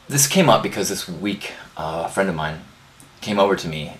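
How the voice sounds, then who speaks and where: A man hosting a live inspirational talk, praying and then telling a story in an earnest, animated way. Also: sits low, normal speed, a little hiss or hum. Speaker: host. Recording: roomy live webcast audio.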